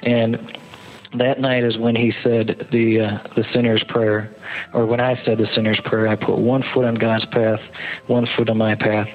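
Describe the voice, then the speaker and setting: A man's voice: fairly low pitch, flat delivery. Man telling his story over a phone line. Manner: halting, repeats words, acts out shouted quotes. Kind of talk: emotional first-person storytelling. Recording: narrow phone-line sound.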